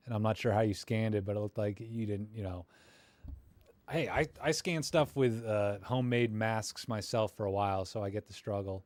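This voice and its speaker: Here a man with a lowish, darkish voice, recorded without echo, hosts a live stream reviewing viewers' photos. His talk is casual, rambling, and self-deprecating, packed with fillers, and he's friendly and encouraging to the audience.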